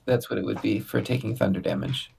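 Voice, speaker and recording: Gravelly-voiced man playing a tabletop game. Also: lowish voice, quick pace, darkish tone. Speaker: player. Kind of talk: casual chat while playing.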